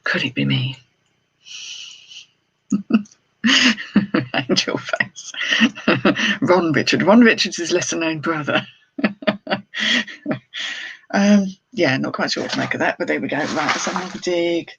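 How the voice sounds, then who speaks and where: Gravelly middle-aged Englishwoman chatting. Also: deep voice, slow pace, pauses often, lo-fi sound. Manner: chatty, exclaiming, thinking aloud. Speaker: jewellery reseller hosting a live haul stream. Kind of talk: casual live-stream unboxing chat.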